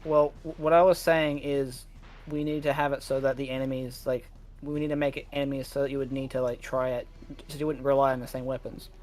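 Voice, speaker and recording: A man in a casual stream discussion, eager and quick to interject, repeating words as he jumps in. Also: mid-range voice, flat delivery, darkish tone. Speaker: co-host in a game modding discussion.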